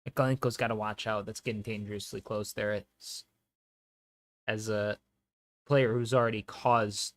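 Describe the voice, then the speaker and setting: A young man hosting a live football watch-along, chatting casually in slang and breaking into loud, high outbursts at the action. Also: fairly even intonation, moderate pace, pauses often.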